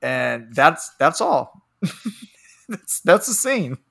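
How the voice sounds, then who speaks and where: A man's voice: fairly high pitch, big pitch swings, drawn-out words, gravelly, a bit bright. Laid-back man rambling with laughs. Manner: rambling, laughs often, acts out quotes. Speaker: podcast co-host. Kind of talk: casual chat recapping a film.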